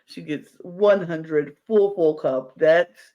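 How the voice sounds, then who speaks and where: Brief: a high-pitched man co-hosting a chatty podcast, gushing and acting out his reactions. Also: takes it slowly, muffled recording. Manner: animated and gushing, acts out his own reactions. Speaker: podcast co-host. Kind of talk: casual reaction chat.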